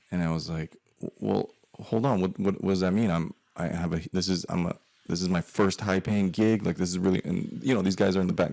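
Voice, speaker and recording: A man with a very low voice and a heavy gravelly rasp tells a personal story. He is emphatic and swears freely, and sometimes drops his voice to mutter curses under his breath. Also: steady tone, brisk, hardly any pauses, a little mellow. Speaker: guest speaker.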